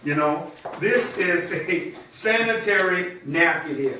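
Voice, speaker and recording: A man giving an energetic live sales demonstration, talking straight to his audience in a conversational way. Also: sits high, slow pace, crowd noise. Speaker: presenter of a product demonstration. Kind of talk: live-streamed sales pitch. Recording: very echoey room, distant mic, faint noise.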